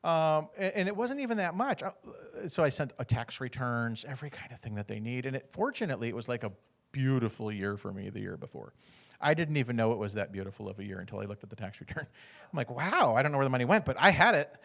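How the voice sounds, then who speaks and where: A man's voice: medium pitch, animated, fast, vocal fry. A man speaking as an entrepreneur, telling a casual story with lots of laughter and acted-out back-and-forth dialogue. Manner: chatty, laughs often, acts out both sides of conversations.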